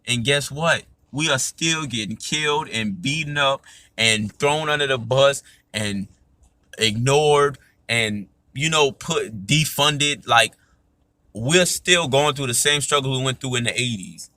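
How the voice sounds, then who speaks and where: An emphatic man talks through a casual podcast monologue. His voice is bright and forceful, sits at a medium pitch, and is recorded close and dry. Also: a little slow, no room sound. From United States. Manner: emphatic, repeats "you know what I'm saying". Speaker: podcast host.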